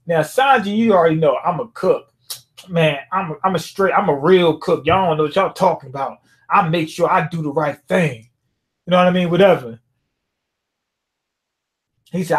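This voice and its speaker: A man's voice: high-pitched, normal speed, pauses often. A man giving a rambling, slangy recap of a manga chapter, slipping into quoted dialogue as he goes. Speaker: manga reviewer.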